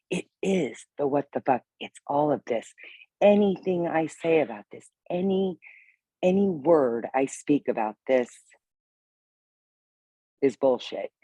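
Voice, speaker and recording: Rambling woman, mellow and dry. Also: a bass voice, no room sound, dull audio. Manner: halting, swearing, laughing often. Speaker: meeting participant. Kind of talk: casual sharing, rambling.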